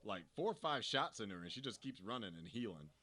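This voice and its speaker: A man's voice: on the low side, sing-song, fast talker, a crowd in the background. A man co-hosting a casual movie review chat, joking and chuckling between dry asides. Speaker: co-host.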